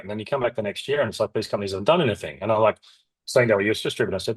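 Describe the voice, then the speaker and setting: Middle-aged man, fast, husky, rambling founder in an interview. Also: fairly low pitch, low-quality recording. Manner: rapid, rambling, animated, acts out quoted dialogue. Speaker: company founder, guest. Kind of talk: candid interview storytelling.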